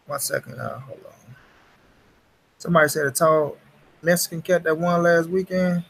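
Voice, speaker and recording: A man's voice: a little high, normal speed, vocal fry, a bit bright, husky. A young man hosting a casual livestream, talking straight to his chat in slangy, profane street talk. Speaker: livestream host.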